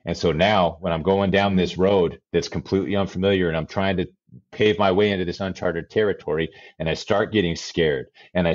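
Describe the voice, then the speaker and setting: Deep-voiced man in his forties, earnest. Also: no room sound, lo-fi sound. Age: 40s. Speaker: interview guest, life coach. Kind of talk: reflective personal storytelling.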